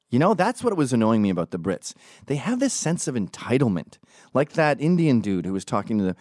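A man vlogging into his own camera in an animated, profane rant, mimicking the people he talks about. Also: medium pitch, a little fast, no echo, clean studio sound. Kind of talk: ranting monologue to camera.

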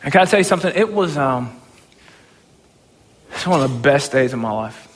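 A man giving a motivational talk as a storyteller, swinging from low murmurs to excited shouts, stammering and repeating words when he gets worked up. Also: normal speed, big-room sound, a little hiss or hum. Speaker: motivational speaker.

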